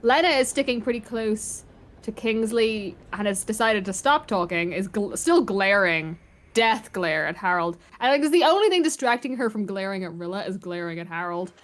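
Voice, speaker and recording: A woman's voice: medium pitch, animated, normal speed. A woman running a tabletop role-playing game, narrating the scene casually with plenty of fillers. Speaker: game master.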